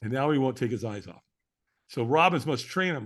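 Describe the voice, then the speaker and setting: Gravelly and fairly bright, this middle-aged man's medium-pitched voice comes out fast as he guests on a podcast. He animatedly recounts a story, imitating the voices of the people involved.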